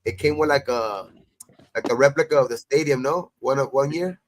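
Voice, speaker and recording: A man's voice: mid-range voice, moderate pace, a little hiss or hum. A man on a sports podcast, telling loose, profane fan stories in casual chat, full of restarts. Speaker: podcast host.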